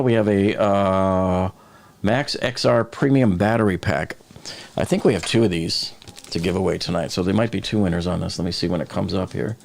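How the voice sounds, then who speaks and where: A man's voice: fairly low pitch, gravelly, a little mellow. A man from the Boston area hosting a live stream, chatting casually, joking and reading viewer comments aloud.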